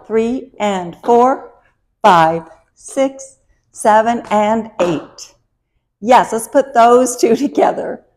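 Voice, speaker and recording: A woman teaching a line dance step by step, counting the beats aloud while she dances, upbeat and encouraging. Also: mid-range voice.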